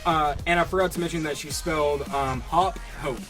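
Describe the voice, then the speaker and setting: A man's voice: a little high, steady tone, brisk, a bit bright, soft background music. A young man co-hosting a podcast in casual chat, reading out online comments in a mocking way, with many fillers. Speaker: podcast co-host.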